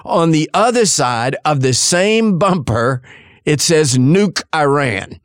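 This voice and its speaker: A male preacher teaching a sermon-style Bible lesson, telling the story with lively pacing and acting out the characters' words. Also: a little high, slow pace, no room sound, studio quality. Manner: storytelling, acts out quotes.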